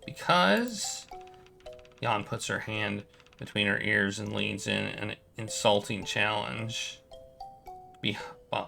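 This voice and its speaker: Gravelly low-voiced male streamer. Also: bright, forceful tone. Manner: quick, casual narration with stumbles. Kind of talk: reading game text aloud.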